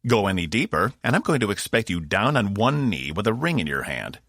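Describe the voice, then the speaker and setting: A man's voice: lowish voice, big pitch swings, brisk, a bit bright, dry recording, clean studio sound, voice pushed up, heavily acted. A man voicing a boastful, teasing male robot with a put-on Cockney voice in an audiobook. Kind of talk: audiobook narration.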